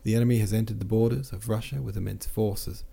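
A man's voice: lowish voice, steady tone, fast, creaky, mellow, slightly rough. A man reading a young woman's solemn proclamation. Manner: solemn, careful.

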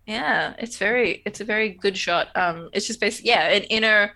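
Woman, podcast co-host, casual chat, bright tense voice, laughs a lot, swears, mimics characters. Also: mid-range voice, fairly quick.

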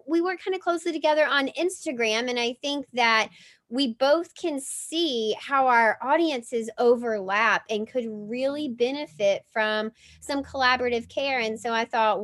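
A woman hosts a birth and postpartum podcast, her voice a touch high. She gushes with enthusiasm and speaks in a warm, effusive conversational way. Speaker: podcast host. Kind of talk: podcast interview.

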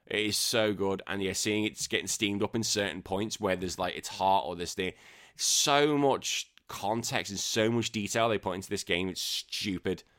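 Lowish voiced northern english guy hosting a podcast, swears a lot, rambles on. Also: normal speed, a bit bright. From northwest England. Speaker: podcast host. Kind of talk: casual podcast chat.

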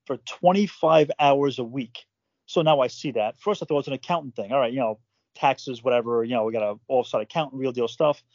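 A man telling his own story in casual conversation, swearing freely, stumbling over repeated words and acting out quotes with jumps in pitch. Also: fairly quick, a little mellow, dry recording, muffled recording.

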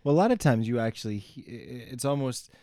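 A man co-hosts a casual Bible study chat with a mellow, warm voice. His recording is dry and close. He thinks aloud and hedges his points as he goes. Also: mid-range voice, animated, fast talker, no echo. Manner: thinks aloud, tentative, says "I'm assuming". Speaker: podcast co-host.

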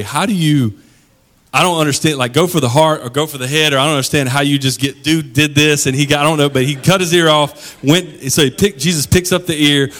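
A man's voice: mid-range voice, fairly bright tone. Man preaching a casual, slangy sermon. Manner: casual, conversational storytelling with slangy asides. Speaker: pastor.

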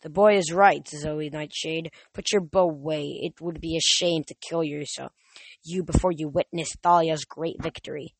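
A reader voicing a gloating villainous male monster with a French accent, slow and sneering, in a dry recording. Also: fairly high pitch, steady tone, no room sound.

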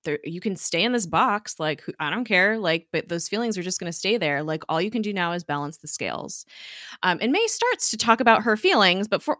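A woman's voice: medium pitch, pushed and bright, no echo, clean studio sound. A woman co-hosting a casual show, recapping an episode in a chatty way full of "like" and "um". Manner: chatty, peppered with "like" and "um", giggly. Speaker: podcast co-host recapping a TV episode. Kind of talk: casual chat.

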